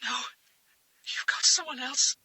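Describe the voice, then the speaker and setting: A man's voice: very high-pitched, huge pitch swings, measured pace, sharp tone, no echo, voice pushed up, full character voice, poor audio. A male narrator voicing a frightened young woman whispering on the phone, trembling and out of breath. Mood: terrified whisper.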